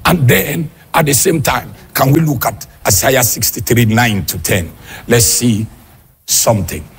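A man preaching a sermon as pastor, switching between shouted, sing-song peaks and low, quick asides to the congregation. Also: gravelly, slightly rough. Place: church.

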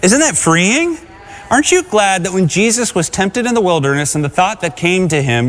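A man's voice: sits high, big pitch swings, normal speed, a bit bright. A man preaching a sermon, exhorting and calling on the congregation to answer him. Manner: exhorting, calls for congregation responses. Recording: long hall reverb.

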